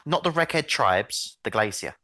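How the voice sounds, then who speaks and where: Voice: mid-range voice, lively intonation, normal speed, bright, forceful tone, no room sound. A game master casually narrating a tabletop role-playing game with many fillers.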